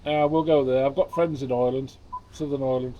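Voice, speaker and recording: A man's voice: medium pitch, fairly even intonation, quick pace, highs cut off, a little hiss or hum. An older man from England, a former soldier, chatting casually and bluntly in a garden, swearing freely. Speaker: vlogger, ex-soldier. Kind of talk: casual chat. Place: garden, outdoors. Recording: faint music in the background.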